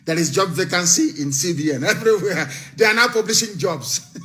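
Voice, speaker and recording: A man delivers a fiery live broadcast speech in a high, forceful voice. He hammers his points home with rhetorical questions and breaks into shouting. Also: animated, fairly quick. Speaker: political broadcaster.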